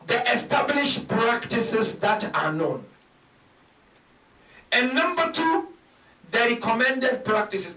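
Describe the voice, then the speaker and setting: High-pitched, slow preaching man in an echoey hall. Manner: emphatic preaching, rising to shouted peaks; enumerates points and asks rhetorical questions. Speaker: sheikh giving a lecture. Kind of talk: sermon. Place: large mosque hall. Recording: echoey hall, speaker far from mic.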